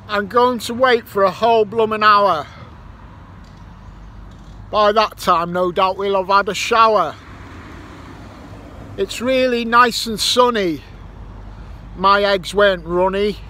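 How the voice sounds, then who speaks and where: A man with a bright, fairly high voice grumbles and swears at an unhurried pace as he waits outdoors. He makes up rhymes as he goes, and traffic hums faintly behind him. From Ireland. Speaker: metal detecting vlogger. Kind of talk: casual vlog monologue. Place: outdoors by a roundabout near a petrol station. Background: passing traffic.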